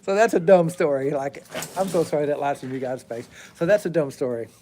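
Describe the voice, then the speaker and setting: A middle-aged man with a fairly high voice spins a rambling, casual story outdoors by a fire. He drifts off track to say hello to viewers and then picks the thread back up. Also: brisk, warm tone, a little hiss or hum. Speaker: plumber telling stories on a live stream.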